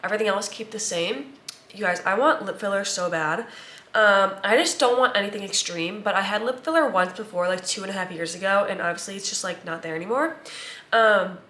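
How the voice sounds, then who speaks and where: A woman's voice: mid-range voice, fairly quick, bright, forceful tone. A stuffy-nosed young woman in her twenties rambles through a casual vlog. She leans on "like" and "um", sounding congested. Her voice rings a little in an echoey room. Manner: rambling, filler-heavy, chatty. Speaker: vlogger, new mother. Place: at home and in a car.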